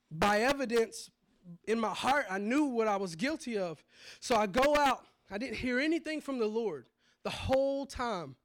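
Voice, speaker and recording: A man preaching his testimony, telling it dramatically and swinging from hushed low moments to shouts. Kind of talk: testimony sermon.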